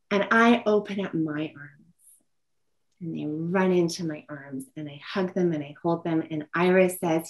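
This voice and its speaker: A woman's voice: medium pitch, rough recording. A woman presenting an online parenting workshop, telling a story from her own family and acting out what she says to her children.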